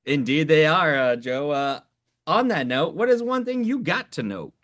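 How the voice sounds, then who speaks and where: A man's voice: on the high side, sing-song, moderate pace, a bit bright. A man co-hosting a sports podcast, talking in a laid-back, casual way with frequent swearing and laughter. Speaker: podcast co-host.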